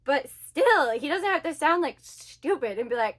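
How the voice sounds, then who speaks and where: A woman talks to her camera in a casual vlog, her voice sitting a little higher than most. She rants animatedly and fills her sentences with "like". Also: moderate pace, few pauses. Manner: animated ranting, heavy use of "like". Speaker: book vlogger.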